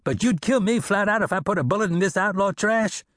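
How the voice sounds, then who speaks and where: A man voicing an angry, hot-headed male bounty hunter in an audiobook western, shouting in a hostile way. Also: sits high, lively intonation, fairly quick, no room sound, studio quality, pitched above the performer's own voice.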